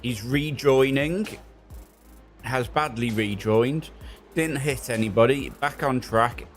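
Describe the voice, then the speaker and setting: A young man spotting for a sim racer, calling traffic briskly between jokes. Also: medium pitch, soft background music. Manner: brisk, jokey, calls traffic in short bursts. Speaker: race spotter. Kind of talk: live radio spotting during a sim race.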